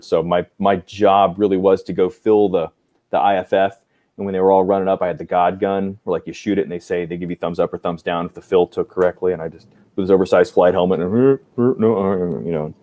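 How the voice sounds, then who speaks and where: Brief: man in his forties, army-veteran guest, low and warm-toned, animated anecdotes with voiced dialogue. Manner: animated, acts out quoted dialogue, many fillers. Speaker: podcast guest, army aviator. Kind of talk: casual storytelling interview.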